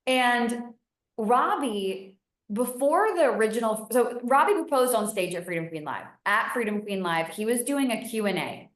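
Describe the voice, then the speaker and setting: A young woman, a business founder and podcast guest, telling stories in a chatty, animated way with many fillers, her voice rising when she gets excited. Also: a little high, normal speed. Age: young adult. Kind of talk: casual interview storytelling. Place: home in Costa Rica. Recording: echoey room.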